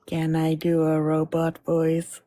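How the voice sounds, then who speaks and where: A woman's voice: sits low, completely flat delivery, takes it slowly, mellow. A woman co-hosting a casual live stream, easygoing and often laughing. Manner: giggly, easygoing. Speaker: co-host.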